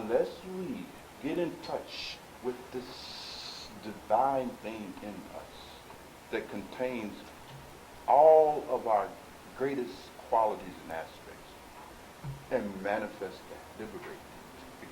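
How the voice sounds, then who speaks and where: A man gives a preaching lecture to a live audience, talking to his listeners directly. He drops into low asides, then rises to loud, emphatic exhortation. The sound is roomy and echoey, with a faint hiss under the voice. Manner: conversational, addresses listeners directly. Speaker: spiritual teacher. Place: meeting room with live audience.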